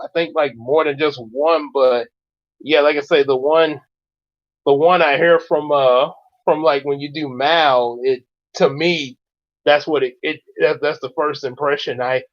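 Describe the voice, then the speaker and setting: Slow, rambling man in lo-fi audio. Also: medium pitch. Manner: rambling, halting, many restarts. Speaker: host. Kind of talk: casual reaction chat.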